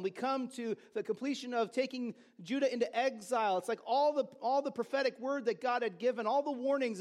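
A man preaching a sermon as pastor, with conversational storytelling and joking asides. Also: very high-pitched. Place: church service.

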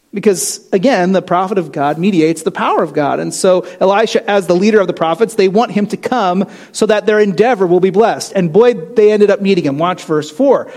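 Animated high-voiced male preacher. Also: brisk. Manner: conversational, animated, asks rhetorical questions. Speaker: pastor. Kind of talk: sermon.

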